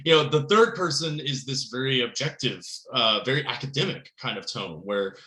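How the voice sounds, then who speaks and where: A man giving a recorded writing lecture in a conversational, rambling way, often checking in with "right?" and getting animated on key points. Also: normal speed, reverberant, low-quality recording. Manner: animated, pitch jumps up on emphasis. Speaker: writing instructor.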